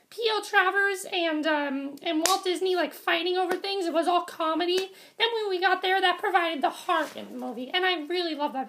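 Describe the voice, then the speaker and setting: A woman with a very high voice talks through a movie review vlog. Her tone is bright and forceful, and she gushes with praise. She rambles and restarts often, filling gaps with ums. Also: slight background noise. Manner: rambling, with many fillers and restarts; enthusiastic, gushing praise.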